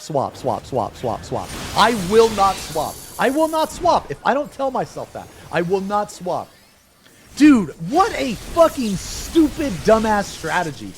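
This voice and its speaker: A man's voice: on the high side, slight background noise. A young man streaming a game, venting to his chat with a lot of swearing and repeating himself. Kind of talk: frustrated gameplay talk to stream chat.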